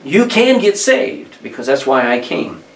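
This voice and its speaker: A man's voice: very animated, unhurried. Male preacher in an echoey hall. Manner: conversational, rises in pitch and volume on key points. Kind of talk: sermon with storytelling. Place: church hall with congregation. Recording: echoey room, distant mic, faint background.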